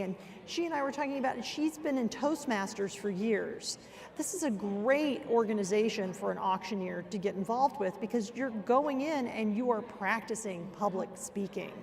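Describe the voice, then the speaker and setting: A woman's voice: mid-range voice, a little mellow. A woman talking on a casual panel, chatty and full of fillers like "you know" as she makes her points. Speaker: panelist, auction association member.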